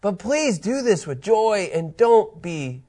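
A middle-aged man giving a casual Bible teaching, animated and quick to laugh, rambling with fillers. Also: high voice.

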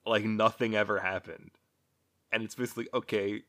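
Guy rambling away in casual chat, swears a lot, laughs, kinda low voice. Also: little pitch movement, normal speed, bright, forceful tone.

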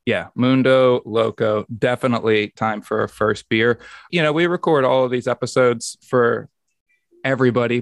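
An easygoing man hosting a casual podcast, in a mid-range voice with a relaxed, slightly rambling delivery. The sound is dry and close. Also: mid-range voice, no echo. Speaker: podcast host.

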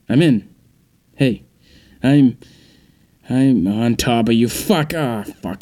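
A man's voice: medium pitch, a little slow, pauses often, mellow. A man doing a stand-up comedy bit, exasperated and swearing as he acts out a scene.

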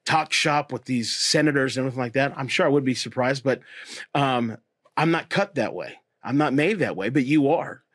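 A man, a pastor and host, talking earnestly and encouragingly about faith in a relaxed conversation. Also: medium pitch, no room sound, clean studio sound. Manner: earnest, encouraging, repeats phrases.

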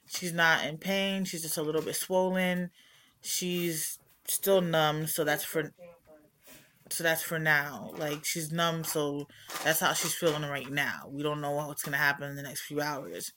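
A woman's voice: low-pitched, fairly bright tone, slight background noise. A middle-aged woman hosting her own podcast, talking casually and candidly in a rambling, self-reflective way from home. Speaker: podcast host. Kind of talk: casual personal talk.

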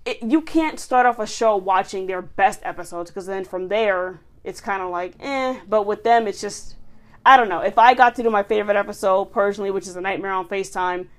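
A woman's voice: mid-range voice, a little fast. Chatty woman podcaster from New Jersey. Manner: chatty, animated storytelling with lots of fillers. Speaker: podcast co-host. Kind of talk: casual chat.

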